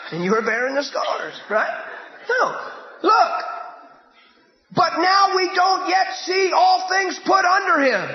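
High-pitched, shouting preacher man. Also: sing-song, measured pace, reverberant, long reverb tail, dull audio. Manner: emphatic, often shouting, with sudden drops to a hushed voice. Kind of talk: sermon. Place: church hall.

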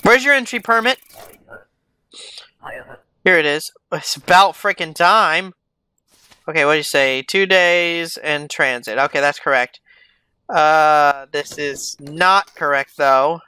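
Man, casual gameplay commentary, reads papers aloud, mutters asides, bright crisp voice. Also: a little high, slow, long pauses, no room sound. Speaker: gaming YouTuber. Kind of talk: casual let's-play commentary.

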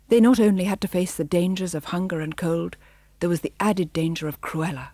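Woman narrator, storybook audiobook, measured expressive reading, warm low voice, dry close sound. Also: dry recording.

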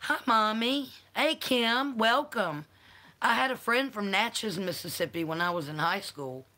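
Slow-talking woman host. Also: medium pitch, pushed and bright. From North Carolina. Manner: affectionate, calls viewers honey and baby. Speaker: channel host. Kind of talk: live-stream chat, greeting viewers.

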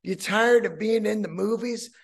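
Male podcast host, slightly high voice, profane and rambling, solo studio-mic monologue. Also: moderate pace, gravelly. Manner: loose, profane, rambling with asides.

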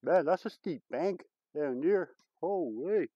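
A man vlogging outdoors in the woods, exclaiming excitedly and chatting to his viewers as he explores. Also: a little high, slow, no room sound, muffled recording. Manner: excitable, lots of exclamations and chuckles. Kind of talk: casual vlog commentary.

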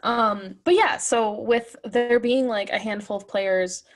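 A woman's voice: a little high, measured pace, soft background music. A woman co-hosting a sports podcast, talking casually with lots of fillers. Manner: chatty, many fillers and likes. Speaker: podcast co-host. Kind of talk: casual chat.

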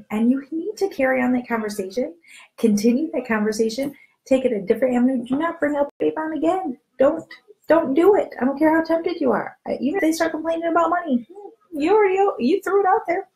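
Chatty woman giving sales tips to her team, kinda high voice, very animated. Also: fairly quick, low-quality recording. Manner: animated, acts out quoted friends with voice changes; candid, chatty, repeats catchphrases. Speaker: direct sales team leader. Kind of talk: motivational sales coaching to camera.

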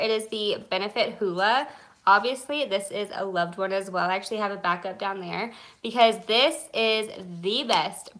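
A woman's voice: medium pitch, sharp tone. A young woman, chatting live about her favorite beauty products in a gushing, chatty way, a little nervous and stumbling now and then. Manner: gushing, chatty, many fillers; nervous, self-conscious. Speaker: beauty vlogger.

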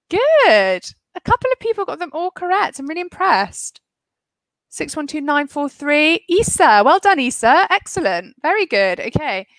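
Bright-voiced woman teaching English online. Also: on the high side, no echo, low-quality recording. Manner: encouraging, clear teacher talk with praise and explanations. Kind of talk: live online language class.

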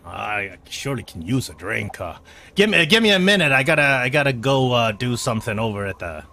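A man doing a gruff, suspicious guard. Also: medium pitch, sing-song, brisk, bright, forceful tone. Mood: evasive.

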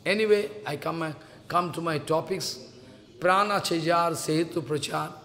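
High-voiced man preaching in echoing hall. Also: normal speed, bright, forceful tone. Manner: acts out dialogue of gods in raised voices. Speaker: spiritual teacher. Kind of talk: devotional lecture with storytelling. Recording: long hall reverb.

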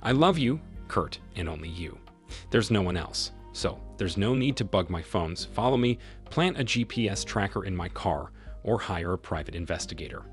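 A man reading the lines of a cool, self-assured wife who leaves her husband, calm and firm. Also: deep voice, normal speed, faint music behind.

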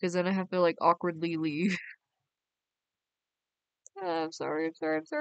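A woman's voice: fairly low pitch, moderate pace, long pauses, a bit bright, clean tone, dry recording, lo-fi sound. A young woman, chatting casually on a game live stream and reading her chat aloud in a bubbly way. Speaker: game livestreamer.

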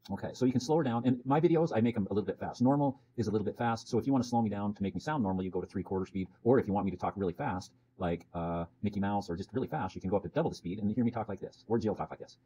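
A man's voice: on the low side, racing, few pauses, warm tone. A man teacher explaining video features to students in a casual, chatty way, often checking in with "okay?". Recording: dull lo-fi sound with faint background noise.

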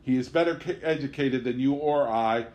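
A man's voice: medium pitch, normal speed, a little mellow, lightly acted. A man reading an audiobook, voicing a grandiose male showman in a pompous, theatrical manner.

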